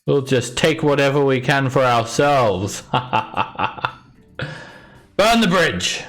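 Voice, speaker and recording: A man's voice: medium pitch, a little slow, faint music behind, voice pushed up, lightly acted. A man voicing a taunting, menacing raider leader in a tabletop game. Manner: mocking, threatening, smug.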